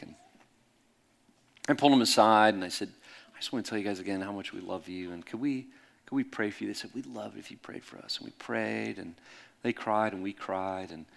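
A middle-aged man preaching in a candid, conversational way, swinging between loud bursts and soft hushed asides. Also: fairly low pitch, gravelly. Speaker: pastor. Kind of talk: sermon storytelling.

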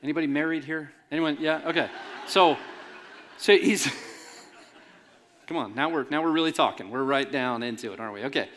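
A man's voice: fairly high pitch, moderate pace, long pauses, a little hiss or hum. A man preaching a sermon to a congregation in a conversational, joking way. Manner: animated, conversational, jokes with the congregation. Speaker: pastor. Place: church in front of a congregation.

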